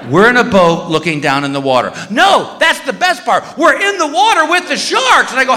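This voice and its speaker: A man doing stand-up storytelling on stage, loud and animated, acting out voices with yelps and shouts. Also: high voice, a little fast, hardly any pauses, background noise. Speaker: stand-up comedian. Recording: live show in a hall with reverb.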